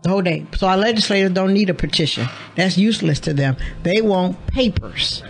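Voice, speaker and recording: A woman's voice: lowish voice, brisk. A woman radio host talking in a studio, explaining emphatically and acting out quoted dialogue. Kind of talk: casual radio conversation.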